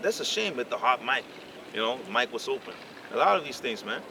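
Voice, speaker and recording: A man in a casual group discussion who speaks haltingly with many fillers and builds into heated rhetorical questions. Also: mid-range voice, big pitch swings. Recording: distant mic, clear outdoor noise.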